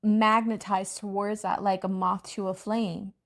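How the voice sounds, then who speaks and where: A woman's voice: mid-range voice, level tone, measured pace. A woman coach giving an earnest, reflective motivational talk with a spiritual bent.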